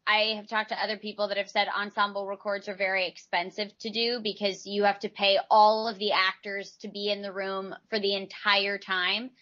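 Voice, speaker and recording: A woman's voice: mid-range voice, sharp tone, muffled recording. A woman from Texas, a voice actress answering interview questions in a chatty, rambling way, often restarting her sentences. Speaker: voice actress, guest.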